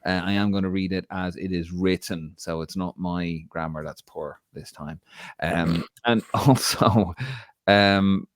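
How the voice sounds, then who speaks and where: A man's voice: deep voice, fairly even intonation, a little slow, no room sound, studio quality. An Irish man hosting a live football chat stream, steering the discussion and talking straight to viewers. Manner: hosting, addresses viewers directly. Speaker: podcast host.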